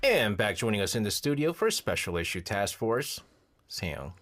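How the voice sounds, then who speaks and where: A man's voice: lowish voice, normal speed, faint music behind. A man hosting a radio show, bantering playfully with his co-host in the studio. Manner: playful teasing, animated.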